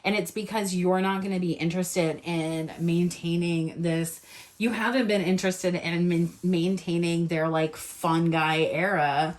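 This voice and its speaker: A woman with a New England accent doing a casual tarot reading to camera, animated, acting out the lines she imagines people saying and swearing freely. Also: on the low side, unhurried. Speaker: tarot reader.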